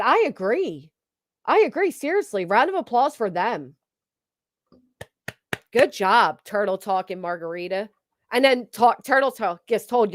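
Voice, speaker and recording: Over a streaming desk mic, a woman livestream commentator with a mid-range voice dishes gossip while reading her chat. She's blunt and sarcastic and curses heavily. The sound is studio quality with no echo.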